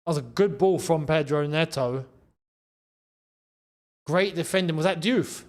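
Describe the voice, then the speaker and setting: A man hosting a live football watchalong, reacting to play and chatting to viewers, shouting at big moments. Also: a little high, measured pace. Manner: excitable, shouts at goals, chats to viewers. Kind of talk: live match watchalong commentary.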